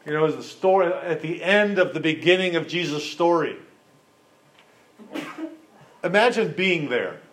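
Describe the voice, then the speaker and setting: A man delivers a sermon. He retells the scripture like a storyteller, putting questions straight to his listeners. His delivery is animated and conversational. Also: on the high side, unhurried, long pauses. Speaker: pastor.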